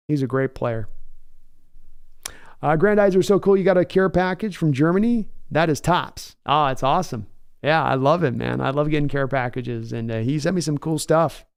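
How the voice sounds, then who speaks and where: A man's voice: mid-range voice, gravelly, clear, resonant tone. A man hosting a sports livestream in a casual, enthusiastic and rambling way, often restarting his words. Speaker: sports podcast host reading live chat.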